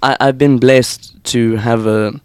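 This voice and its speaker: A man's voice: mid-range voice, steady tone, slow, a little mellow, clean tone, no echo, clean studio sound. A South African man chatting casually on a podcast, laughing often and restarting his sentences. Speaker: teaching fellow, podcast guest. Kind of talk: casual chat.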